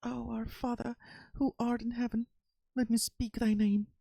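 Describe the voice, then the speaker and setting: Woman doing a high, frightened young girl. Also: flat delivery, a little slow, gravelly, dark tone, dry recording. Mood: prayerful. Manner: pleading, desperate. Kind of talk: reading a story game aloud.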